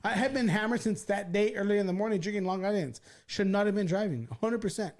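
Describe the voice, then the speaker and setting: Man, podcast host, high voice, animated swearing storyteller. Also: quick pace. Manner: animated, profane, acts out quotes. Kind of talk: casual storytelling chat.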